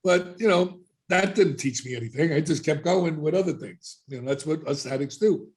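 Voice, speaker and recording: A man's voice: a little high, moderate pace. A middle-aged man telling his life story as a podcast guest, casually and animatedly, acting out the voices of people he quotes.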